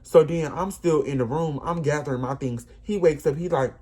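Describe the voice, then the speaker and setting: A man casually telling a personal story, animated and emphatic, often repeating himself. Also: on the high side, moderate pace, breathy edge. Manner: animated, repetitive, emphatic retelling.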